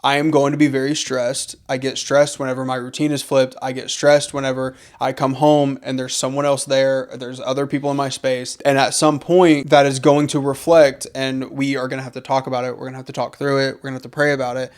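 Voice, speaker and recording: Speaking fairly quickly with hardly any pauses, a young man keeps a level tone at medium pitch. As a podcast co-host, he reflects earnestly on faith in casual conversation, often repeating phrases for emphasis.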